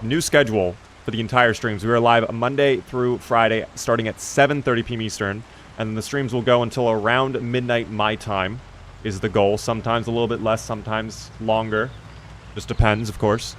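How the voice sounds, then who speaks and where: A man's voice: medium pitch, fairly bright tone, a little hiss or hum. A man chatting casually with his live-stream chat while playing a video game, reading out and answering viewers and swearing now and then.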